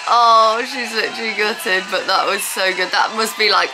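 A woman giving an excited, casual reaction commentary as a dance vlogger, gushing, gasping and exclaiming as she watches. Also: medium pitch, a little slow. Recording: music playing loudly behind her.

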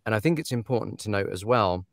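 An audiobook narrator talks in an easy, animated way, laughing as he goes. His voice sits on the low side, and the sound is dry and close with no room echo. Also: fast, creaky. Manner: animated, laughing, acts out quoted authors. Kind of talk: casual podcast chat.

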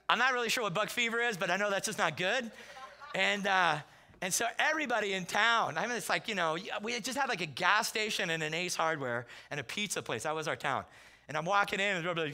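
A man's voice: high-pitched, fairly quick, gravelly. A man preaching as a guest pastor, telling comic stories and acting out the voices in them. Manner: animated, comic storytelling with acted-out quotes. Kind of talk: storytelling sermon. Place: church sanctuary.

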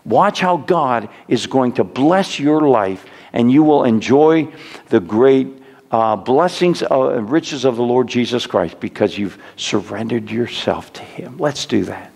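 Gravelly-voiced pastor preaching in reverberant hall. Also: male voice, medium pitch, expressive, a little slow, a little mellow. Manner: earnest, pleading exhortation with repeated words. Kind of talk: sermon. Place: church sanctuary.

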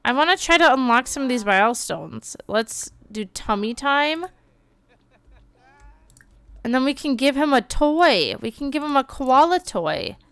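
Woman streamer, lively gameplay commentary, smooth resonant voice. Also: high-pitched, dry recording. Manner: animated, bursts of exclaiming and quick read-outs. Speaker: game streamer.

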